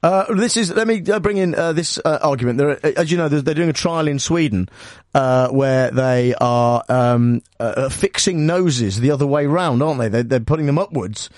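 A man's voice: mid-range voice, moderate pace, a little mellow, no room sound, clean studio sound. A man hosting a comic radio phone-in, agreeable and hesitant, stumbling through his words as he moderates callers. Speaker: radio host.

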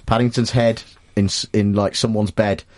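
A man's voice: on the low side, level tone, moderate pace, a little mellow. A man hosting a radio talk show, joking and rambling in casual studio banter. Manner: jokey, rambling, mock-insulting. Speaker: radio host.

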